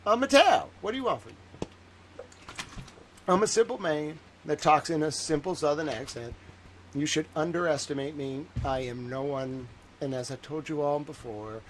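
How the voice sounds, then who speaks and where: Guy in his 30s ranting on a livestream, jumps from mumbles to loud excited bits, faint hiss. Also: mid-range voice, low-quality recording. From Massachusetts. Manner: animated, swings from muttering to excited bursts; boastful, joking storyteller. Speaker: livestream host. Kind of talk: rambling livestream monologue.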